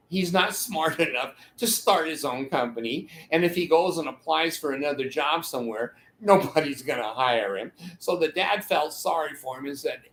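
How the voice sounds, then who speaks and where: A man's voice: medium pitch, fairly bright tone, a little hiss or hum. An older man talking in a rambling monologue, laughing mid-sentence and acting out the voices of people in his stories. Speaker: channel host giving advice. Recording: echoey room.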